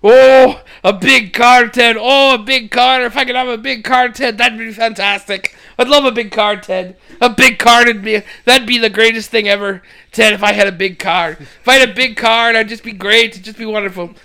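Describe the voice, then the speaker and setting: A man's voice: very high voice, moderate pace, creaky, hardly any pauses, smooth, pitched above the performer's own voice, heavily acted. A man voicing a simple-minded young priest who gushes and repeats himself. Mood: gushing. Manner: gushing, repeating himself excitedly.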